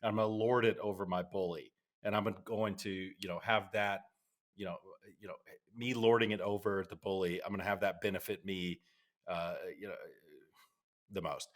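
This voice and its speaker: A middle-aged man co-hosting a podcast, ranting in an animated way and slipping into mock voices. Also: deep voice, normal speed. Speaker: podcast co-host. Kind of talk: casual podcast chat.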